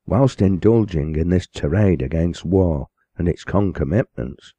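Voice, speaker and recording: A man reading a classic novel aloud in a steady, measured way. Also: deep voice, dry recording. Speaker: audiobook narrator.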